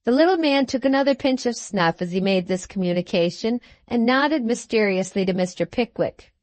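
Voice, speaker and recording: A woman's voice: on the high side, lively intonation, normal speed, no echo. Woman narrating a classic novel, dry sound. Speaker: audiobook narrator. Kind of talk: scripted audiobook narration.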